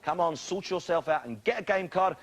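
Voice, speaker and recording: A man's voice: on the high side, expressive, a little fast. A man hosting a live television game show, bantering cheekily with contestants in a studio with an audience. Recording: loud studio audience and noise.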